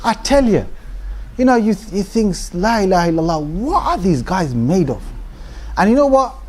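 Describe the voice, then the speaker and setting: Male lecturer with a slightly raised pitch, telling lively stories and laughing as he talks. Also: moderate pace. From Britain. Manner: lively, laughs often, mimics other speakers. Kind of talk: animated storytelling lecture.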